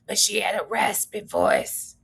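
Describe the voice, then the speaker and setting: A woman's voice: medium pitch, level tone, unhurried, gravelly, a bit bright, slightly rough. A middle-aged woman, chatting casually on a live reaction stream, reading comments and wandering off topic with swearing and laughing asides.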